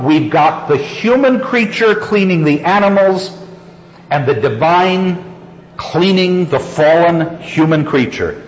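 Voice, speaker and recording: High-voiced male lecturer in an echoey hall. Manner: chuckles often, repeats phrases for emphasis. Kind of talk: lecture reading from a story. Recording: echoey hall, dull lo-fi sound.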